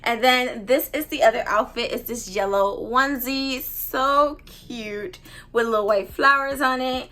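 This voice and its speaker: A young woman with a high voice chats casually through an unboxing vlog. She talks at an unhurried pace and gushes, repeating her excited exclamations. Her tone stays easy and homemade. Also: low-quality recording. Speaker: doll collector vlogger.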